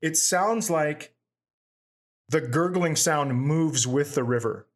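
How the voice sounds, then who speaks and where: Slow and a little high-pitched, this man co-hosts a comedy podcast. His casual talk drifts into long, winding anecdotes where he voices each character's lines himself.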